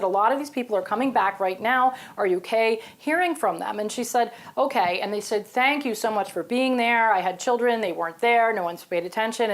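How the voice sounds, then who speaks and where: A woman, a psychic guest, telling stories in a lively, chatty way. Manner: animated, storytelling, exclaims in high bursts. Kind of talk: casual interview talk.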